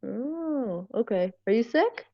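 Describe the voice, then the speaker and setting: A woman's voice: a little high, expressive, slow pace, muffled recording. A teenage girl playing her character in a tabletop game, blunt and casual. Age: teens. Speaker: player. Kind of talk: in-character play.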